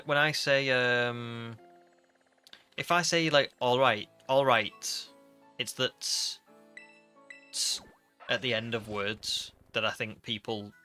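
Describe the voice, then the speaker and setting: A man's voice: a little high, pushed and bright. A young man with a northern English accent and a slight Scouse twang, chatting casually on a live stream and reading viewer comments aloud. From northern England.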